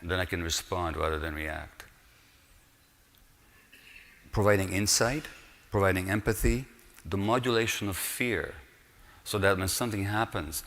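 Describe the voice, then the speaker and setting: A man's voice: sits low, a bit bright. A man, a physician, giving an earnest, explanatory public lecture and stressing points with rhetorical questions. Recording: long hall reverb.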